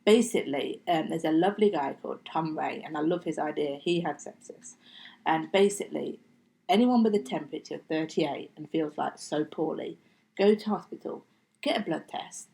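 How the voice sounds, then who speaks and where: This middle-aged woman's voice is deep, creaky, and dark, at normal speed, on a low-quality recording. She's a podcast guest sharing her story in a chatty, casual interview style, voicing others' words and occasionally sinking to a near-whisper.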